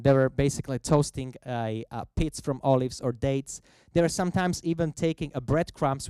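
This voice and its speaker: Man, festival talk, lively storyteller, smooth clear voice, dry close sound. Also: mid-range voice, dry recording. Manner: lively storyteller who acts out quoted voices; non-native English phrasing. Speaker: bartender giving a festival talk. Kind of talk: lecture on coffee cocktail history.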